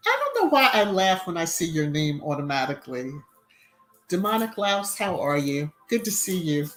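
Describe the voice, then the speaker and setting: A woman hosting a casual live stream, chatting and greeting viewers by name between relaxed asides. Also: medium pitch.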